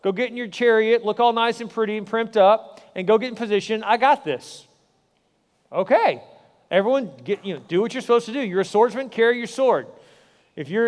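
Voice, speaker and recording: A middle-aged man preaching a sermon as a pastor, repeating his points with emphasis and rising to excited encouragement. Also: high voice. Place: large church hall with long reverb. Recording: hall reverb.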